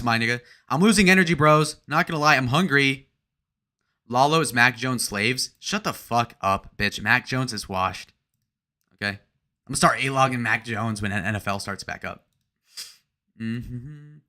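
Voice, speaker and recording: A man's voice: mid-range voice, pushed and bright. A young man hosting a livestream, rambling crudely and joking as he reads out and answers chat messages. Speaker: livestream host.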